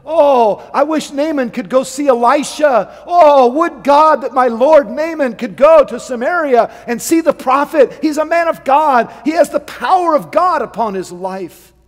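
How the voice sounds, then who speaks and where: An earnest young servant girl , as a male preacher puts her on, pleads with fervent longing. The voice is pitched high. Long hall reverb hangs on each line. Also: lively intonation, a little slow, few pauses. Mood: yearning.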